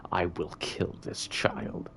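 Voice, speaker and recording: A man voicing a cruel, threatening villain king in a video game, speaking slowly and in a hushed tone. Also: a little hiss or hum. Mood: menacing.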